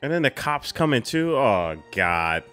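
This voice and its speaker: A man hosts a casual reaction video, exclaiming in loose, slangy talk. His voice sits mid-range and he speaks at an unhurried pace. Faint music plays beneath him. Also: medium pitch, big pitch swings, a bit bright.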